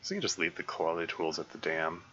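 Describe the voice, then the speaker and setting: A man streaming a survival game, talking through his plans in a halting way full of fillers and restarts. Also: low-pitched, animated, sharp tone, muffled recording, slight background noise. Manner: halting, thinking aloud with many fillers and restarts. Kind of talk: casual live gameplay commentary.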